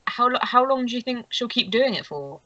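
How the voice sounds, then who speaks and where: A woman's voice: fairly high pitch, animated, a little fast, bright, forceful tone, no echo, highs cut off, voice pushed up. A woman voicing a friendly, gossipy young woman who chats with light hesitation. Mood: chatty.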